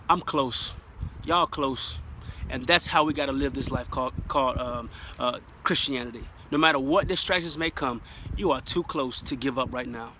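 A man's voice: mid-range voice, moderate pace, a little hiss or hum. A man preaching on a phone live stream, talking casually to viewers and building up to fervent, declarative praise. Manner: fervent, rising to shouted praise.

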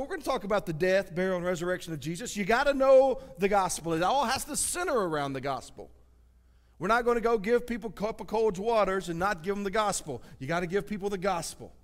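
A man with a Southern US accent preaching a sermon as pastor, swinging from loud exclamations to hushed asides. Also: high-pitched, expressive, fast talker. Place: church sanctuary. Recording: reverberant church sanctuary.

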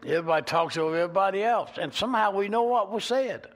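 A man with a Georgia Southern accent, preaching a sermon as a pastor and telling folksy stories with animated swings in volume. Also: high voice, fast talker. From Georgia, USA. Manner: animated, folksy, swings between loud and soft.

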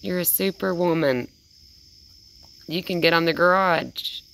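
Woman, low voice, soft cooing baby-talk, outdoors at night, faint crickets behind. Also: measured pace, vocal fry, a little hiss or hum. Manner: coos softly and praises, baby-talk tone. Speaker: vlogger. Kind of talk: casual talk to a wild animal.

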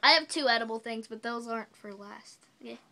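A woman's voice: a little high, fairly quick, vocal fry, bright, forceful tone. A young woman vlogger chatting casually with a friend, playful, teasing and giggly. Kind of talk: casual chat.

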